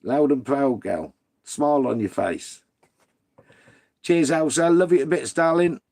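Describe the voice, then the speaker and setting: Gravelly-voiced blunt British man. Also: on the high side, a little slow, darkish tone. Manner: blunt, sweary, ranting. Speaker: livestream host reading viewer comments. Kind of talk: casual live chat.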